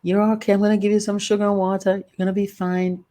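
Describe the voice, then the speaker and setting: A woman putting on her very old great-grandmother, hushing and reassuring a hurt child. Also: mid-range voice, level tone, fast, voice pushed up, close to an everyday voice. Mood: soothing.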